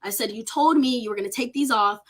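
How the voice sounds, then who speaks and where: A young woman recounts an ordeal in a bright, forceful voice. She sounds shaken and on the edge of tears, and she speaks candidly with plenty of swearing. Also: on the high side, fast talker. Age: young adult. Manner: emotional, candid, swears freely, on the verge of tears. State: shaken, close to crying. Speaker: college student telling her story. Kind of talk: casual livestream storytelling.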